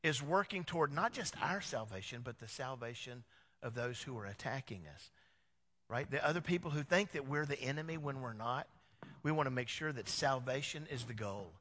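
Male pastor, sermon delivery, bright voice, long hall reverb. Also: mid-range voice, normal speed. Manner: animated preaching with rhetorical questions.

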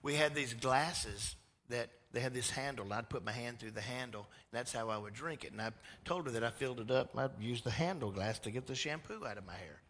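Pastor, storytelling sermon, bright forceful voice, big reverberant hall. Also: male voice, medium pitch, brisk, few pauses. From Georgia, US. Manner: swings from loud to hushed. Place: church sanctuary.

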